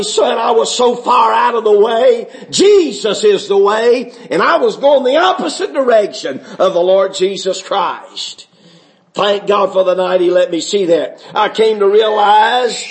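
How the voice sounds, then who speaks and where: A middle-aged man preaching a fervent testimony sermon, building from quiet recollection into shouting. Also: high-pitched. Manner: fervent, rising to shouts, Southern preaching cadence.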